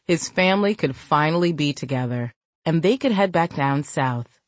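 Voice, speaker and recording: Woman narrating an audiobook, deep voice, dry close sound. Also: animated, moderate pace, no echo. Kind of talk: audiobook narration of an urban crime novel.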